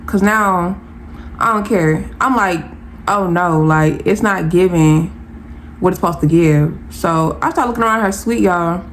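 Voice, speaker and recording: A young woman from the American South with an Atlanta accent, telling a casual storytime vlog in an animated, exasperated way and talking straight to her viewers. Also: on the low side, measured pace, a little hiss or hum.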